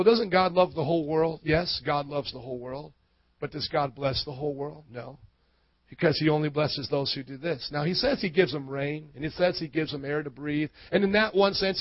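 A male pastor giving a sermon, talking conversationally and building up to loud preaching. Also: a little high, no room sound, dull audio.

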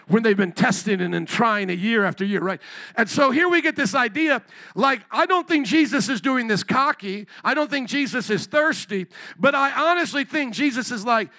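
A man preaching a sermon in a relaxed, conversational way, acting out the people he quotes and building up to shouts. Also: extremely high pitch, a little fast, dry recording. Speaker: pastor. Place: church service.

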